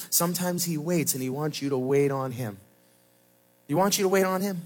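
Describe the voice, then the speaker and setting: A man preaching a sermon as pastor, swinging between loud shouted points and low, quiet asides. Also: brisk, low-quality recording.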